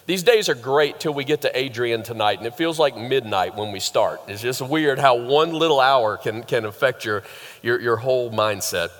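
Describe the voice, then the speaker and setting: A man's voice: mid-range voice, moderate pace, fairly bright tone. A man preaching a sermon in a conversational way, asking the audience questions and joking. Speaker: pastor. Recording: long hall reverb.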